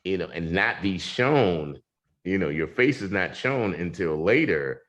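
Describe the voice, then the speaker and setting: Low-voiced, lively male host, hyped and chatty, heavy on fillers, on a video call. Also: unhurried. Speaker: podcast host. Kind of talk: casual interview talk.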